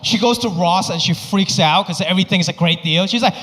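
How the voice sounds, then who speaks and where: A young man from Hong Kong performs stand-up with a high voice that jumps all over its range, spinning animated stories. It is recorded live on stage, with a long hall reverb around his voice. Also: a little fast, noisy background. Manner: animated storytelling, flips into his family's voices. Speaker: stand-up comedian. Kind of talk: stand-up comedy set. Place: live comedy stage before an audience.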